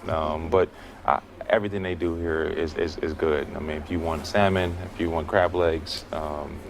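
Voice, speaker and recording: Male interview guest, very low voice, easygoing and measured, faint background noise. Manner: relaxed, thoughtful, hesitant with fillers. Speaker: interview guest, football player. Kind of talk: casual interview.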